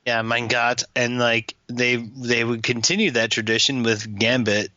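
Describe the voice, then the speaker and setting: A man co-hosting a podcast in casual chat, jokey and quick to slip into goofy accent impressions. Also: medium pitch, fairly even intonation, bright, forceful tone, no room sound, lo-fi sound. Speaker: podcast co-host.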